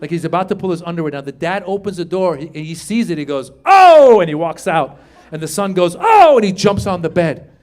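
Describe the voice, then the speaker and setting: A middle-aged man doing a stand-up comedy set, telling stories with animated delivery and squeaky put-on voices. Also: fast talker. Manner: animated storytelling, acts out high squeaky voices. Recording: live stage mic, audience laughter. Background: audience laughter and room ambience.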